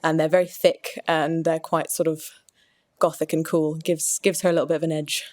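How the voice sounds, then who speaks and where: Chatty young woman actor, low dry voice. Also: level tone, moderate pace, darkish tone, no echo. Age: 20s. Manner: friendly, chatty, hedging with "sort of". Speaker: stage actor. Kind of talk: self-description for an audio introduction.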